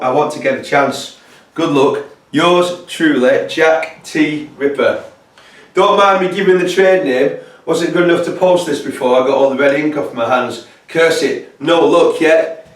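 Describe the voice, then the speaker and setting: A man's voice: fairly high pitch, unhurried, close to an everyday voice. A man reading out a gleeful, menacing Victorian killer's taunting letter in a put-on Scottish accent. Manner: mocking, taunting. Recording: roomy echo from a distant mic.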